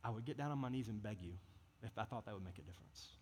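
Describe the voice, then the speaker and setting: Rapid-fire and darkish in tone, this man's fairly low voice fills a reverberant church hall with slight background noise. As a youth pastor, he preaches earnestly and passionately while keeping it conversational.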